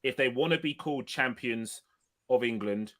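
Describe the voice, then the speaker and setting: A man's voice: medium pitch, moderate pace, a bit bright. A man co-hosting a football podcast, talking emphatically and swearing freely in casual chat. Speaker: podcast co-host.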